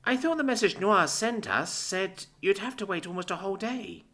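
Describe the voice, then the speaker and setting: A man's voice: sits high, pushed and bright, voice pushed up. A man voicing a timid young female alien with fur and ears, eager and apologetic. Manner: eager, apologetic, quick to fluster.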